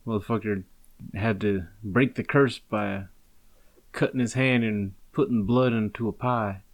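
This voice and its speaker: A man's voice: lowish voice, fairly even intonation, a little slow. A man in casual chat with friends, joking crudely and swearing freely.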